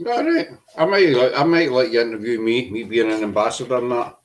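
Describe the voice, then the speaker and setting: A man's voice: medium pitch, lively intonation, a little fast. A man hosting a casual paranormal chat show over a video call, with joking banter. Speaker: podcast host.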